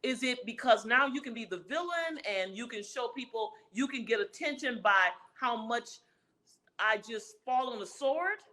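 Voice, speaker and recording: A woman's voice: on the high side, lively intonation, moderate pace, sharp tone, poor audio. A woman relationship expert answering interview questions in an emphatic, preacher-like way, repeating her key phrases.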